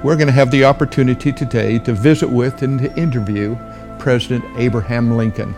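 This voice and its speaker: Male podcast host, formal and measured, faint music under him. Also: medium pitch, steady tone. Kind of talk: scripted interview.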